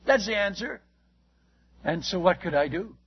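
A man in the role of a missionary preaches his testimony, building the story with emphasis and turning to ask his listeners direct questions. His voice sits high for a man and has a husky edge. The recording is dull and lo-fi. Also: expressive, moderate pace. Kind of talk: testimony sermon to a congregation.

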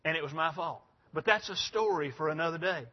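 A man's voice: a little high, brisk. An older man preaching a sermon in a folksy, rambling, emphatic way. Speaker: pastor. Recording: dull lo-fi sound.

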